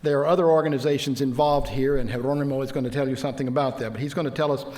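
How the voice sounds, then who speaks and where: A man moderating an event, introducing the next speaker in a measured way with small hesitations. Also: medium pitch, fairly even intonation, darkish tone. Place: lecture hall. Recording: long reverb of a hall.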